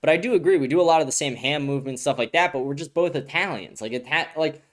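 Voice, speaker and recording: A man's voice: fairly high pitch, quick pace. A man hosting a casual livestream news show, reacting to chat with blunt, profane, filler-heavy talk and frequent restarts. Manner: ranting, talks in restarts.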